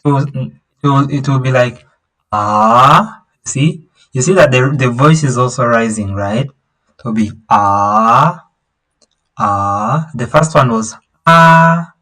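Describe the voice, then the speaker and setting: A man teaching a language lesson over a video call, patiently explaining and singing out vowel sounds to show the tones, with halting restarts. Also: mid-range voice, rough recording. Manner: patient, repeats himself and sings out vowel sounds to demonstrate tones; halting, with many fillers and restarts.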